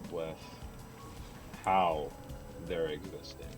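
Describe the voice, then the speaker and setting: A man's voice: rumbling low, steady tone, drawn-out words, loud music behind the voice. A man chatting casually and rambling, laughing and swearing as he goes. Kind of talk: casual chat.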